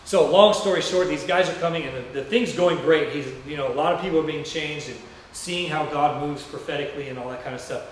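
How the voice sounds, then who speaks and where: A man's voice: fairly high pitch, fairly quick, hardly any pauses, slight background noise. A man preaching a sermon in a church, telling a story in a loose, conversational and rambling way. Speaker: pastor. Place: church sanctuary. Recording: very echoey room heard from a distance.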